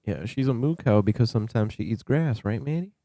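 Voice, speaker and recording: A man's voice: fairly low pitch, expressive, a little fast, warm tone, dry recording, studio quality. A man hosting a scam-baiting livestream, chatting casually and rambling while he thanks viewers for gifted subs.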